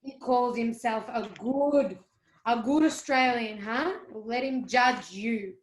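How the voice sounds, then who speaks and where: A woman's voice: a little high, slow pace, slight background noise. A woman reading a bitter, heated young wife. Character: bitter pregnant Italian-Australian young wife. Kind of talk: cold-read play reading. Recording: roomy echo.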